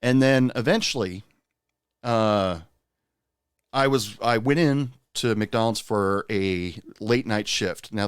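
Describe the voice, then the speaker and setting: A man's voice: fairly low pitch, clear, resonant tone, no room sound, studio quality. A man hosting a podcast, telling a personal story in a candid, rueful, conversational way. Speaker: podcast host.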